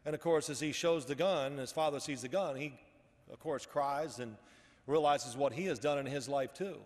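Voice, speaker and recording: A man's voice: a little high, moderate pace, big-room sound. A man giving a casual motivational speech at a luncheon, telling a story in a rambling way with frequent restarts. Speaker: luncheon speaker. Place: luncheon event hall.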